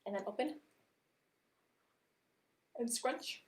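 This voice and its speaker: A woman vocal coach leading a live-streamed warm-up with gentle, encouraging instructions. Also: on the high side, slow, reverberant, low-quality recording.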